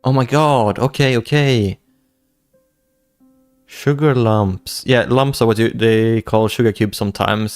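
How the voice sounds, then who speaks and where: Faint music sits behind a young man's dry-sounding voice as he reads his livestream chat out loud. He takes his time, his pitch mid-range, and keeps circling back with restarts and repeated words in a casual ramble.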